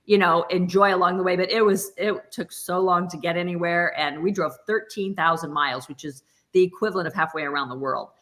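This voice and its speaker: A middle-aged woman chatting as a guest author, an animated storyteller who laughs often. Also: on the low side, a little fast, few pauses. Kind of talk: casual chat.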